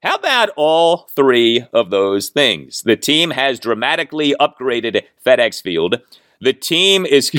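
Male podcast host, animated delivery, dry close sound, sarcastic edge. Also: mid-range voice, takes it slowly, no room sound. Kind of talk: sports podcast commentary.

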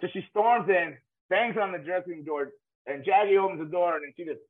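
A man's voice: high-pitched, brisk. A man telling rambling, laughing stories as a guest on a talk show. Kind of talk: casual storytelling. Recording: tinny phone-like line.

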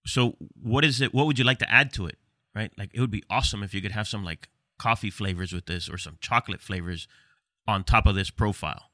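A middle-aged man from the United States co-hosting a cigar and beer pairing show, chatting casually with quick asides. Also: fairly low pitch, sharp tone, dry recording. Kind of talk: casual chat.

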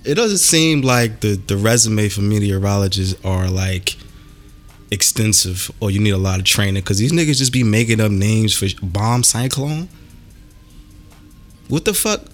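A man's voice: on the low side, normal speed, faint music behind. A man hosting a podcast in casual chat, ranting animatedly and cursing a lot. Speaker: podcast host.

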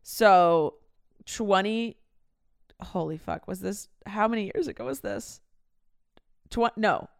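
A woman's voice: medium pitch, slow, gravelly, long pauses. A woman in her thirties hosting a podcast, chatting casually and reading her old diaries aloud, swearing freely and laughing at herself. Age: 30s. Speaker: podcast host.

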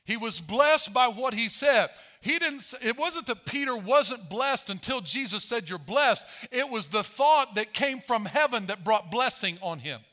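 A man preaching a sermon as pastor, animated, acting out Bible voices as he tells the story. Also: very high-pitched, a little slow, hardly any pauses.

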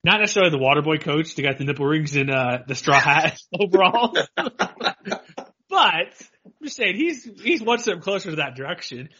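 A man co-hosting a podcast, talking sports in a rambling, animated way and laughing often. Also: on the high side, normal speed, breathy edge. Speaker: podcast co-host. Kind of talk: casual sports chat. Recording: dull lo-fi audio.

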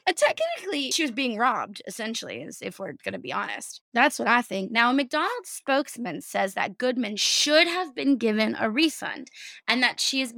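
Woman host, higher than average, animated casual chat with cursing commentary. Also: no room sound. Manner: animated, swearing, sarcastic asides. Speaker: podcast host. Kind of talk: casual chat, reading a news story.

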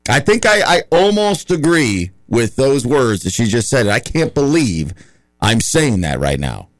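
A man's voice: medium pitch, big pitch swings, a little slow, no echo. A man hosting a talk radio show in a studio, chatting casually and rambling, with many fillers and restarts.

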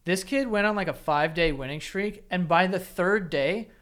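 High-voiced man in profane podcast banter. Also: a bit bright. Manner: loose and profane, quick to joke. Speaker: podcast host. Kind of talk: casual podcast chat.

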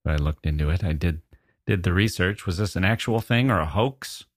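A man's voice: low-pitched, a little fast, no echo. A middle-aged man hosting a podcast, telling a comic story with wry, musing dry humor. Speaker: podcast host. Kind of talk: comic monologue.

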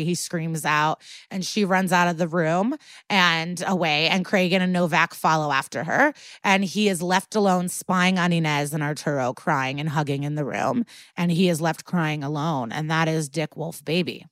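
A woman co-host talks through a TV episode in loose, swearing, chatty style, her voice sitting a little low. The recording is close and dry, with no room sound. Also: moderate pace, fairly bright tone, no echo. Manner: profane, chatty storyteller full of "like" and "um". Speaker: podcast co-host. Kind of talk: casual episode recap.

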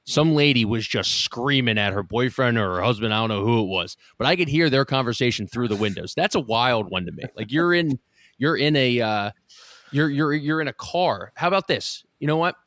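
A man's voice: mid-range voice, animated, brisk, a bit bright, no echo, studio quality. A man from the Philadelphia area co-hosting a podcast, riffing and joking in casual chat with restarts. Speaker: podcast co-host.

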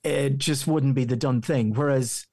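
A man's voice: mid-range voice, unhurried, no echo. Chatty Irish man, dry close mic. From Ireland. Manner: chatty, rambling, animated. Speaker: radio presenter and voice-over artist, guest. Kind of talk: conversational interview.

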